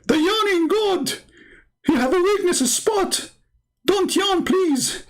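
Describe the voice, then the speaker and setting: Guy doing a squeaky panicky whiny dude begging, near tears. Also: lively intonation, slow, full character voice. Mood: frantic pleading. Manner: high crying plea. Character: frantic whiny pleading man, panicked.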